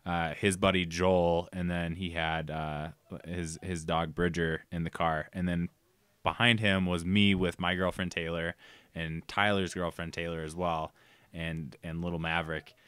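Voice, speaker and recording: A young man from Minnesota, a guest on a podcast, telling stories in an animated, casual way with many fillers. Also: sits low, measured pace, smooth, dry recording. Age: young adult. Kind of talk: casual chat.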